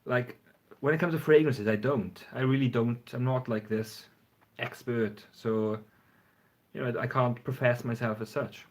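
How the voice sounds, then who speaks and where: A man's voice: mid-range voice, steady tone, a little slow. A man chatting casually and frankly on a phone livestream, rambling and swearing now and then. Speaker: fragrance reviewer. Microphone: phone front camera.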